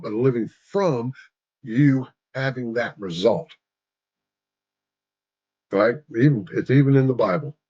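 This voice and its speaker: A husky, mellow-toned man in his sixties tells a coaching story and acts out the dialogue as he goes. He keeps asking "right?" as he talks. The sound is dry and a bit dull and lo-fi. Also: mid-range voice, no room sound. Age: 60s. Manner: conversational, tag questions, quotes dialogue. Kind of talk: storytelling talk.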